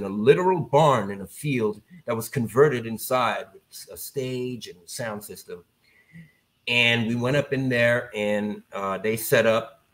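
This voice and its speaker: A man as a podcast guest, telling a story in a casual, animated way and acting out the voices of people he quotes. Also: fairly low pitch.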